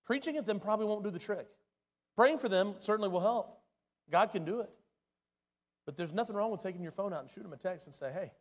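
Pastor guy preaching in a church, high voice, goes big then real quiet, lots of reverb. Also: animated, fast talker. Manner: dynamic preaching, swings from loud to hushed. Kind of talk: sermon. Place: church sanctuary. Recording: long hall reverb.

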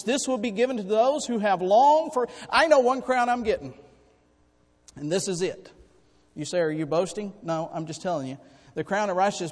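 Male preacher, high voice, folksy storytelling, long reverb from a church hall. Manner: folksy, animated storytelling with sudden loud bursts. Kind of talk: sermon with personal stories.

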